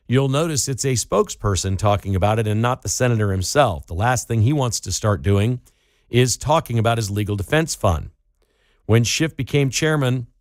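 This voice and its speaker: A man's voice: medium pitch, dry recording, studio quality. A man hosting a political talk radio show, delivering an opinionated, sarcastic monologue. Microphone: studio microphone.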